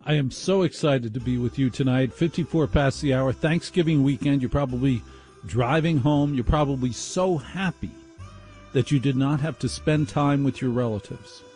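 A man's voice: medium pitch, moderate pace, a little mellow, faint music behind. A man hosting a late-night radio show, delivering a playful, sardonic monologue from his laundry room over a video call. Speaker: radio host.

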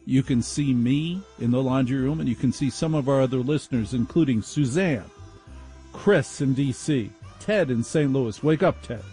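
A man's voice: mid-range voice, normal speed, warm tone, soft background music. A man hosting a late-night radio show, delivering a playful, sardonic monologue from his laundry room over a video call. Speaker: radio host.

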